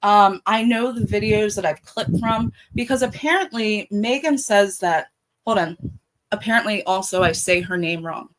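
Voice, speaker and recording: A woman's voice: medium pitch, moderate pace, poor audio. A middle-aged woman with a Baltimore accent hosting a casual livestream, blunt and profane, talking straight to her chat. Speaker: livestream host.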